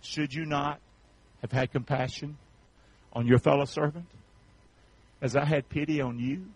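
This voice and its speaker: A male pastor preaching a sermon in a folksy, colloquial way, leading the congregation in call-and-response and swinging from shouts to hushed tones. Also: fairly high pitch, steady tone, a little slow, husky, low-quality recording.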